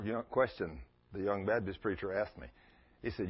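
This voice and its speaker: A man's voice: on the low side, brisk, husky. A man preaching a sermon as pastor, telling folksy stories and acting out the voices in them. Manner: folksy storytelling with animated quoted voices. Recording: dull lo-fi church recording.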